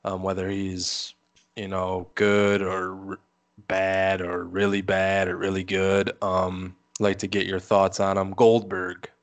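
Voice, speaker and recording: Low-voiced man in easygoing chat. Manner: relaxed, hesitant, lots of "um". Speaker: podcast co-host. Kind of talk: casual chat.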